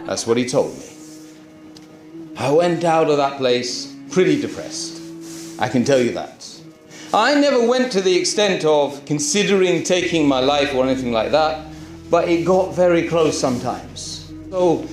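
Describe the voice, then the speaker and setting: A man, a Muslim preacher, telling his story to a live audience in an animated way, full of rhetorical questions. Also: fairly high pitch, normal speed, echoey room, faint music behind. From Britain.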